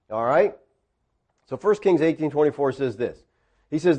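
A man preaching a sermon, telling a story with swings between quiet asides and loud peaks. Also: a little high, animated, normal speed, pauses often, slightly rough, muffled recording. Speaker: pastor.

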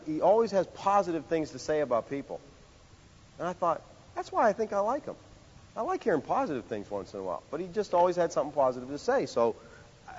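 A male pastor preaching a sermon in a conversational, animated way, full of rhetorical questions. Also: a little high, slightly rough. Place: church sanctuary. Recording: dull sound with long hall reverb.

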